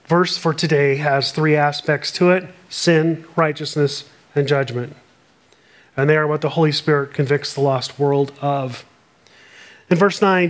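A man preaching a sermon, explaining scripture verse by verse and reading passages aloud in an earnest way. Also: a little high. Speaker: pastor.

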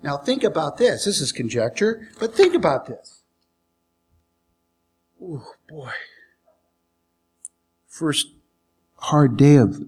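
A man preaching a sermon, retelling a scripture story with acted-out lines and sudden hushed whispers. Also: fairly high pitch, big pitch swings, slow pace, long pauses. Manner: dramatic storytelling, acting out scenes, dropping to whispers for emphasis. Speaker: pastor.

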